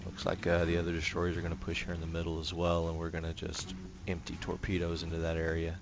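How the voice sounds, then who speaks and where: A man giving casual commentary while playing a naval combat game, talking in a relaxed, rambling way with many fillers and restarts. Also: low-pitched, quick pace, vocal fry. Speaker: gameplay commentator.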